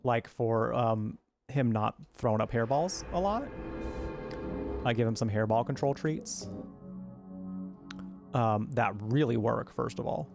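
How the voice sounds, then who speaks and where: Man from Arizona, rambling gaming chat, gravelly fry, medium pitch, faint music behind. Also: takes it slowly, long pauses. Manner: rambling, chatty, coos at his cat. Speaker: gaming streamer. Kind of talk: casual chat while playing a game.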